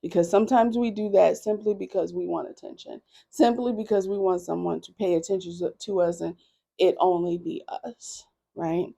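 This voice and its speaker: A woman tarot reader talks through a personal reflection at a slow, unhurried pace. Her voice is mellow and dark with a gravelly fry, and she keeps it candid and conversational, often pausing on "right?". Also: mid-range voice.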